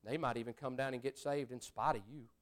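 A preacher delivering a sermon, swinging between loud exclamations and hushed prayer-like speech. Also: male voice, medium pitch, fairly even intonation, fairly quick.

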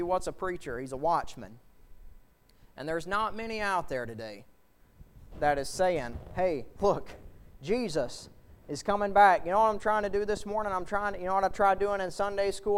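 A male preacher delivering a fervent sermon, building to loud shouts at the peaks. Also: high voice, lively intonation, fairly quick, smooth.

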